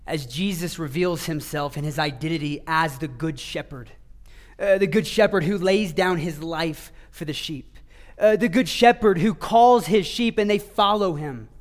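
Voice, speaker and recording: Earnest preaching man, fairly high voice. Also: moderate pace. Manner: earnest, swings between emphatic rises and hushed low passages. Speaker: pastor. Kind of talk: sermon.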